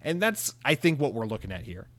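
A young man giving a sarcastic, profane rant as a gaming commentator, mocking companies with quick impressions. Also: mid-range voice, sing-song, no room sound. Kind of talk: ranting video commentary.

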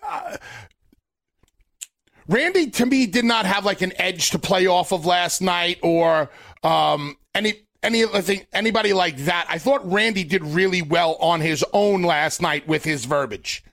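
A man's voice: high-pitched, animated, a little slow, fairly bright tone. A man co-hosting a wrestling podcast, giving blunt, opinionated takes with some swearing in casual chat.

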